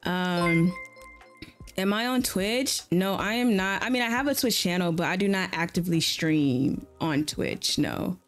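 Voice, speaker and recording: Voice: medium pitch, lively intonation, a little slow, fairly bright tone, faint music behind. A streamer in casual live-stream chat while playing a game, laid-back and chatty, often repeating slang phrases.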